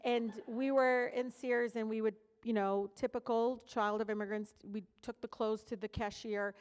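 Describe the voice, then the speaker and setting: A woman's voice: fairly high pitch, fairly even intonation, moderate pace, clear, resonant tone. A middle-aged woman from Detroit giving a keynote speech, telling personal stories in a candid, conversational way with frequent fillers and asides. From Detroit, USA. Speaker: keynote speaker. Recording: long reverb of a large hall.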